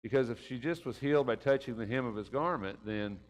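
A man's voice: medium pitch, brisk. A man teaching a conversational Bible class in church, in a folksy way, often tagging his points with questions like "right?" and "didn't he?". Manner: folksy, keeps asking rhetorical tag questions. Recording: reverberant church room.

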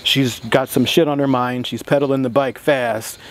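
A man's voice: mid-range voice, fairly even intonation, normal speed. A man vlogging in a casual, profane storytelling manner, laughing often as he talks.

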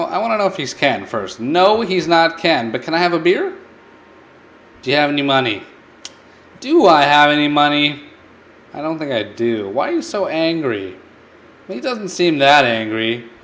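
A man's voice: mid-range voice, fairly bright tone, slight background noise. A man giving casual let's-play commentary, rambling and self-mocking as he reads game dialogue aloud. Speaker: gameplay commentator.

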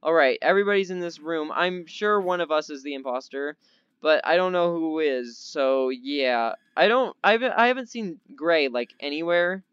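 Young male gaming YouTuber, jumpy and chatty, fairly high smooth voice, dry home mic. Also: normal speed, no echo, highs cut off. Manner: excitable, easily startled, chatty; doing a slightly odd put-on accent. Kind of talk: casual gameplay commentary.

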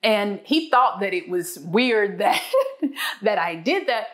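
This is a woman in her thirties talking on a lapel mic about her marriage. She speaks in a lively, animated way and acts out her own reactions with sudden high jumps in pitch. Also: slow pace. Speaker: guest on a marriage talk show. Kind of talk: candid storytelling talk.

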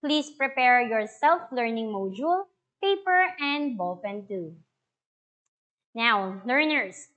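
Filipina teacher reading a storybook slowly to young pupils, fairly high voice. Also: female voice, fairly bright tone. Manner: slow, careful, questions to pupils. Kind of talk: online class lesson and storybook read-aloud.

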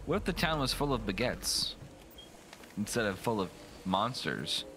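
A man streaming a video game, rambling and joking, now and then jumping into silly high voices. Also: sing-song, a little slow, background noise. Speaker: gaming streamer. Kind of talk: casual let's play commentary. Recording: game music behind the voice.

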